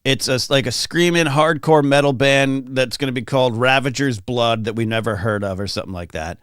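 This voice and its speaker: A man's voice: medium pitch, a little fast, fairly bright tone, clear, resonant tone, no room sound, clean studio sound. A man hosting a casual morning livestream, rambling and reading viewer comments aloud from his home. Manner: chatty, rambling, reads chat aloud. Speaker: livestream host. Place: home, in California.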